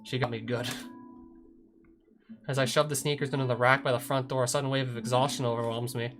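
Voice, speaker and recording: A man's voice: medium pitch, little pitch movement, a little fast. A man narrating a visual novel, reading the hero's tense inner monologue. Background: background music.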